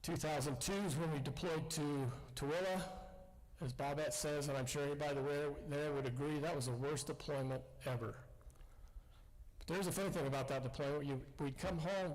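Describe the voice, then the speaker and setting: Veteran man, folksy storyteller, slightly higher voice, hall reverb. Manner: folksy, self-deprecating. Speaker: veteran speaker. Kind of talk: storytelling speech. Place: school assembly hall.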